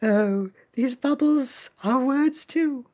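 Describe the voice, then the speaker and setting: Game sidekick: chirpy high-voiced shark cookie, put on by a woman reader. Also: slow pace, a little mellow.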